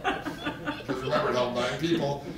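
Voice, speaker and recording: A man's voice: medium pitch, wildly swooping pitch, normal speed, loud music behind the voice. A man giving a live therapy training lecture, with joking, self-deprecating asides. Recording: echoey room, distant mic, faint noise.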